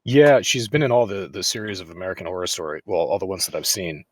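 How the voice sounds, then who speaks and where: A man's voice: low voice, fast, no echo. A man co-hosting a podcast in casual chat, rambling with lots of fillers. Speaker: podcast co-host.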